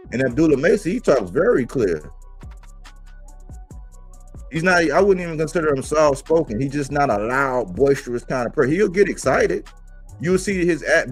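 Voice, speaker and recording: Male boxing podcast host, emphatic and animated, mid-pitched voice, faint music underneath. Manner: animated, emphatic, rhetorical questions. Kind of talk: casual boxing commentary.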